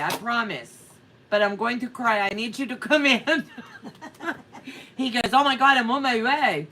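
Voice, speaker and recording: A woman's voice: mid-range voice, bright, forceful tone, distant mic. Chatty laughing woman telling a story. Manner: chatty storyteller, laughs often, reads chat aloud. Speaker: co-host of a quilting livestream. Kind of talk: casual livestream chat.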